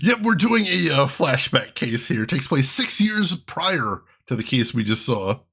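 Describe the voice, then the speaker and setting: A man's voice: mid-range voice, very animated, unhurried, creaky, pushed and bright, husky. A man hosting a let's play, joking through casual game commentary, greeting chat and laughing often.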